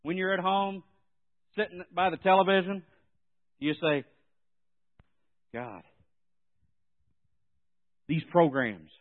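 A man preaching a sermon in an animated way, swinging between soft and loud. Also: a little high. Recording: tinny phone-like sound.

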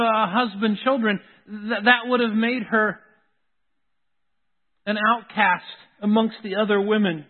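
A male pastor delivers an earnest sermon, his voice sitting high for a man. He circles back to key phrases to drive them home. The sound is thin and tinny, like a phone line. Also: big-room sound.

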